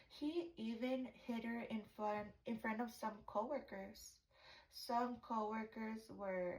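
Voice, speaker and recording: A woman's voice: mid-range voice, echoey room, poor audio. A woman podcast host telling a story in a casual, blunt way, swearing and adding dramatic asides.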